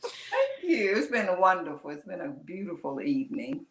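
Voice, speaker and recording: A woman's voice: lowish voice, wildly swooping pitch, normal speed. A woman guest chatting casually on a live stream, laughing easily as she talks. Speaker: guest crafter.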